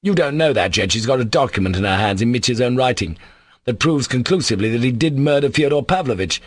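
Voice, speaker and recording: A man voicing a bitter, sardonic young man in an audiobook, sharp and contemptuous in tone. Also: mid-range voice, expressive, fast, dry recording, voice pushed up, lightly acted. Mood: fierce. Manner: sharp, contemptuous, scornful delivery. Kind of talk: audiobook character voice.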